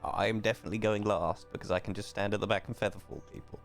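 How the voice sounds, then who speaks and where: A man with a lowish voice chatting through a tabletop game session. He jokes around and swears casually, with faint music playing behind him. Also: steady tone, very fast. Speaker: player.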